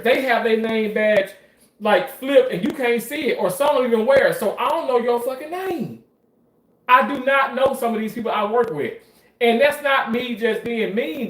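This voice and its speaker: A man talking in a casual monologue about his work in surgery, animated, profane and emotional as he tells stories. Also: high voice. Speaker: surgical staff commentator. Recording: roomy echo.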